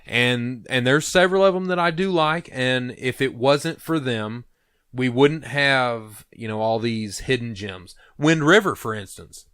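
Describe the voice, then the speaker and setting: A young man co-hosting a podcast in casual chat, emphatic and opinionated, with drawn-out hesitations. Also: mid-range voice, fairly bright tone, clear, resonant tone, dry recording, clean studio sound. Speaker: podcast co-host.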